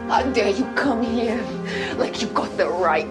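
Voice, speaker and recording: An actress playing a furious mob wife, scolding and shouting, in a film clip. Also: female voice, a little high, expressive, measured pace, loud music behind the voice. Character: furious mob wife confronting her husband. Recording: film clip with loud score.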